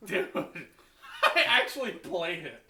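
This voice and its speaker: A man's voice: high voice, sing-song, slow, pushed and bright, recorded from a distance. A young man co-hosting a casual podcast chat, joking and laughing often. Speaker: podcast co-host. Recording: echoey room.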